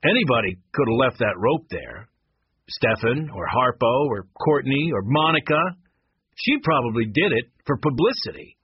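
A man's voice: medium pitch, expressive, normal speed, husky, dry recording, lo-fi sound. A man voicing a scheming male publicist who argues defensively and pleads.

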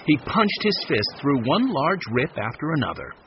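A man reads a storybook chapter aloud with lively, expressive pitch. The recording is a little dull, with faint background hum. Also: moderate pace. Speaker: audiobook narrator. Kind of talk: scripted narration. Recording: slightly muffled audiobook recording.

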